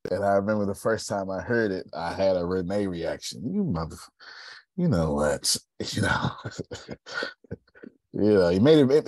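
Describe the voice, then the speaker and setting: A man's voice: low-pitched, darkish tone, dry recording, clean studio sound. A man from Texas leading a group call, telling stories and preaching motivation with strong emphasis. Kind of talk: motivational talk.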